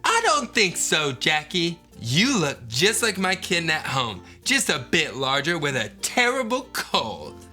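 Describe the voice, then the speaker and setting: A brave, playful little girl with a sassy streak, as a woman reads her aloud in a storybook. She talks slowly. Her voice is bright. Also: mid-range voice, sing-song, faint music behind, pitched below the performer's own voice.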